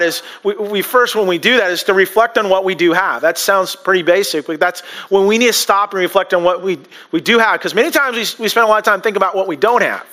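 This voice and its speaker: Male pastor, high and forceful voice, casual joking sermon delivery. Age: adult, married. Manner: conversational and joking, with frequent restarts.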